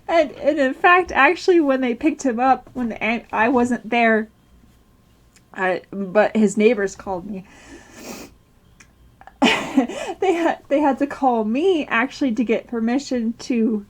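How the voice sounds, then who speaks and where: A woman's voice: high voice, expressive, slow, long pauses. A woman telling a personal story to camera, rambling with restarts and nervous laughter while tearful. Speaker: vlogger.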